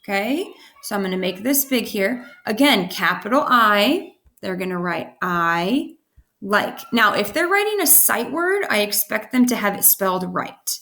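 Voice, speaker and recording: A woman teacher casually walking parents through how their young children should write sentences, often checking in with "okay?" and slowly sounding out letters. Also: mid-range voice, sing-song, bright, forceful tone. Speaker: kindergarten teacher.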